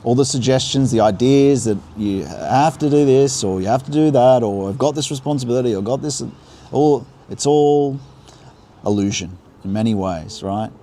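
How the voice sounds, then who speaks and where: With a mellow, medium-pitched voice, a man speaks earnestly and off the cuff about spiritual matters during an outdoor livestream. Standing by river rapids, he muses and keeps starting his ideas over, while the water rushes faintly behind him.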